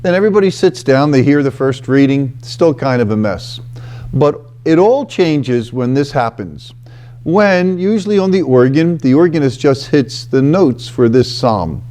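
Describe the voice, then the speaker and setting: Slow-spoken priest with a mellow voice. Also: male voice, mid-range voice, lively intonation. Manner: frequent fillers and restarts, unhurried explanatory delivery; slow solemn scripture reading. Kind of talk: reflective scripture talk.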